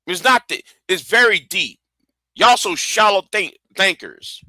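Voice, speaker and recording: A man's voice: sits high, expressive, a little slow, bright, forceful tone, no echo. A man hosting a livestream, ranting angrily and profanely, often repeating himself and stumbling over words. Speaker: livestream host. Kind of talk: heated livestream rant.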